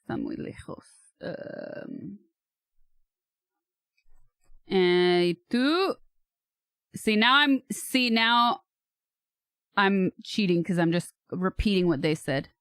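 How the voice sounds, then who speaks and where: A woman's voice: mid-range voice, lively intonation, takes it slowly, long pauses, a bit bright, clean tone, dry recording, clean studio sound. A woman from California streaming live, thinking aloud in a hesitant way and laughing at herself. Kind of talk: casual livestream chat.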